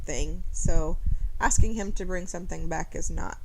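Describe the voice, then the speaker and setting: A woman's voice: lowish voice, normal speed, gravelly, poor audio. Casting: young woman, game streamer, blunt and chatty, light laughs, faint hiss behind. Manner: frank, opinionated, laughs often. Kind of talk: casual live-stream commentary.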